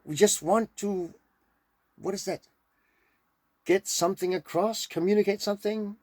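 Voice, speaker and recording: A man from Denmark, giving an informal language lesson and repeating words slowly to demonstrate them. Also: high voice, steady tone, a little mellow, dry recording. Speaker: language teacher.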